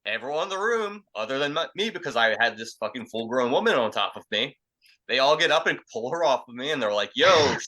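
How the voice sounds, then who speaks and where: A fast-talking young man with an expressive mid-range voice rambles through a crude, profane story on a podcast. He's casual and full of fillers and loudly acts out the quotes, all on a low-quality recording.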